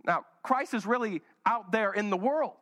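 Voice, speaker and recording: A man's voice: sits high, expressive, moderate pace, fairly bright tone, big-room sound. A man preaching a sermon with humor, acting out Bible characters in playful voices. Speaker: pastor. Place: church hall.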